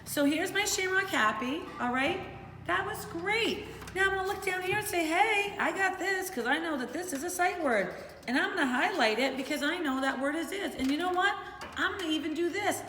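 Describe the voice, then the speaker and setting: A middle-aged woman teaching young children a remote lesson from home, in an animated, encouraging sing-song manner. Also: extremely high pitch, a little fast, slight background noise. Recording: roomy echo with faint ambience.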